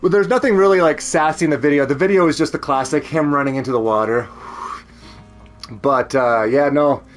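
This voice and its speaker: Chatting casually at home on a stream, a man with a Canadian accent rambles, laughs often and swears freely. His voice is a little high and fairly quick, with faint music behind him.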